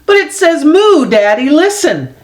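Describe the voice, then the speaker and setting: A woman voicing an eager little boy who insists on his own funny words for things, in a high pleading voice. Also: sing-song, measured pace, a little mellow. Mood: insistent.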